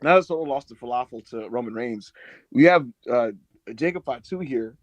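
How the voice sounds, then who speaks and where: A man co-hosting a podcast, recapping and joking in profane, animated chat. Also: medium pitch, normal speed, dry recording. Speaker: podcast co-host. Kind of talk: casual chat.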